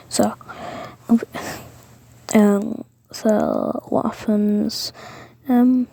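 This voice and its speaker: A woman's voice: a little high, creaky, dark tone, slightly rough, dry recording. A woman whispering a rambling fan-fiction story, with many fillers and self-corrections. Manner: mostly whispered.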